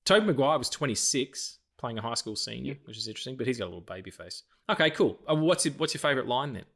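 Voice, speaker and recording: A man's voice: mid-range voice, quick pace, creaky. A man co-hosting a podcast, chatting casually and animatedly with frequent swearing. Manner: animated, sweary, quotes lines from films. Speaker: podcast co-host. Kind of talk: casual chat.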